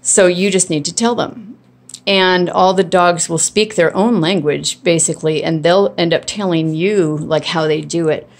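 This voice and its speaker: A woman's voice: fairly low pitch, normal speed. A woman filming on a handheld phone in her home kitchen, casually showing dog training with a chatty, rambling delivery full of restarts and ums. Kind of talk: casual home video demonstration. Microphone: phone held in hand.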